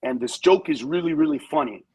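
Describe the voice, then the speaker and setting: Husky higher-voiced man telling stories. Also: a little fast, low-quality recording. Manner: animated storyteller who acts out voices in quotes. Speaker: guest comedian. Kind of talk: candid talk-show conversation.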